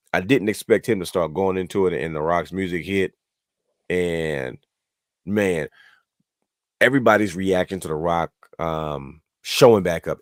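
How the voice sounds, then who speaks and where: A man with a notably deep, low voice hosts a casual wrestling chat, retelling moments with excited energy and frequent restarts. The sound is dry and close, with no room around it. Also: no room sound. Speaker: wrestling podcast host.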